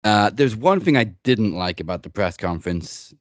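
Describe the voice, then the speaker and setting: A man with a very deep voice hosts a casual wrestling podcast, talking with blunt opinions and the odd curse. His voice is recorded dry and close, with no room sound around it. He keeps a loose, chatty podcast delivery. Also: sing-song, normal speed, dry recording. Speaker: host. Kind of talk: casual wrestling news chat.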